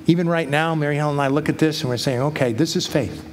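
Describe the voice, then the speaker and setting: A man's voice: on the high side, quick pace, slight background noise. Earnest man preaching a sermon. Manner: earnest, reads scripture aloud with rising emphasis. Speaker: pastor. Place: church hall.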